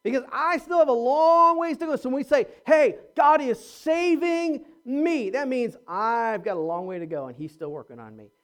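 A pastor preaching a sermon, emphatic, repeating words and restarting phrases, and asking the congregation rhetorical questions. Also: medium pitch. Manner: swings from quiet asides to near-shouting.

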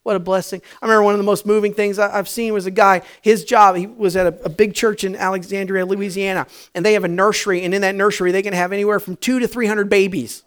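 A man preaching a sermon, swinging from shouting to hushed tones. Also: high voice, level tone, quick pace, hardly any pauses, clear, resonant tone. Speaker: pastor.

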